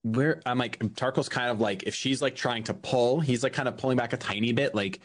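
During casual tabletop play, a man with a mid-range voice describes his character's actions hesitantly, yet talks fairly quickly with hardly any pauses.

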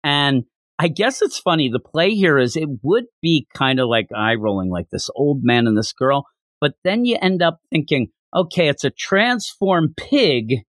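A man hosting a podcast, recapping a comic-book chapter with animated storytelling. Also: medium pitch, moderate pace, no room sound, clean studio sound. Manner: animated storytelling, acting out lines. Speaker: podcast host.

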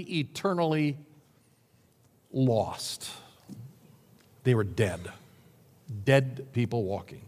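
A man preaching a sermon with dramatic emphasis, lists and repetition. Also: medium pitch. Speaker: pastor. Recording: long hall reverb.

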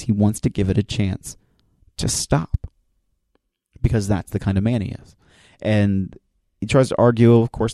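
Host, male, lowish mellow voice, dry close sound, excitable storyteller who rambles and restarts. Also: no echo. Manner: enthusiastic storyteller, acts out quoted lines. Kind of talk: casual recap of a TV episode.

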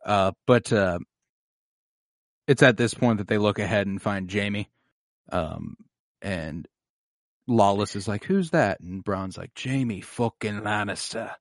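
A man talks through a TV episode in loose, profane podcast chat, jumping into the characters' voices as he goes. His pitch swings widely and his delivery is animated. The sound is dry and close, with no room in it. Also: slow pace, pauses often, no room sound. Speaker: podcast co-host. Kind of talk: casual chat recapping a TV episode.

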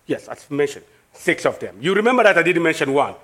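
High-voiced Congolese pastor preaching. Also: male voice, fairly quick. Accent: French-speaking Congolese. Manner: emphatic, rising to excited preaching with repeated phrases. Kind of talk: sermon.

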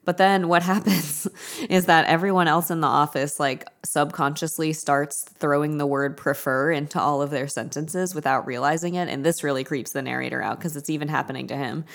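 A woman's voice: deep voice, fairly quick, vocal fry. A woman in casual chat, retelling a story with laughs and acted-out quotes. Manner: animated, laughing, acts out quotes.

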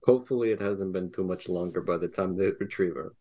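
A man narrating a tabletop game as dungeon master, measured and thinking aloud. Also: low-pitched, mellow.

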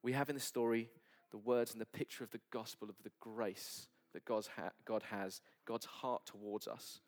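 A man preaching a sermon at a church service, earnest and sometimes dropping to soft near-whispers. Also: lowish voice, fairly even intonation, moderate pace. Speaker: pastor.

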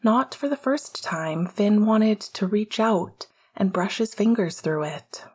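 A woman narrating a work of fiction aloud, in a gentle, measured storytelling manner. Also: mid-range voice, lively intonation, breathy edge.

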